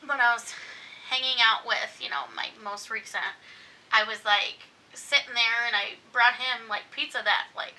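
Loud, bright-voiced woman in her thirties. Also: fairly high pitch, moderate pace, far from the mic, rough recording. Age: 30s. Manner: loud, animated, swears and laughs a lot. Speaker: podcast co-host. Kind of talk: casual chat.

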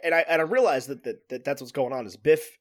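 A man's voice: medium pitch, fast talker. A man co-hosting a casual podcast chat about a movie, rambling with lots of fillers and restarts. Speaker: podcast co-host.

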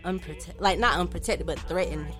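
A woman telling a lively story in casual podcast chat, acting out what people said and swearing freely. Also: fairly low pitch, over music. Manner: fast, lively, acts out quoted voices, swears freely.

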